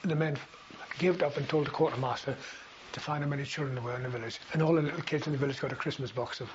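In an oral history interview, an older veteran rambles through his memories at a racing pace, full of fillers and restarts. His mid-range voice holds a steady tone. The lo-fi recording sounds dull and carries a faint hiss.

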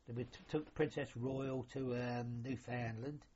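A former royal yacht sailor, now an older man, gives a loose, chatty interview about his sailing days, swearing mildly now and then. The recording is lo-fi and dull; his mid-range voice is darkish and breathy, fairly even in intonation at a moderate pace.

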